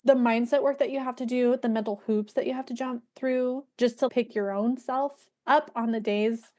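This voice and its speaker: A woman host speaks in a somewhat high voice during a relaxed interview. She reflects on her guest's story in an encouraging, motivational way. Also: moderate pace. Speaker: podcast host. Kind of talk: casual interview chat.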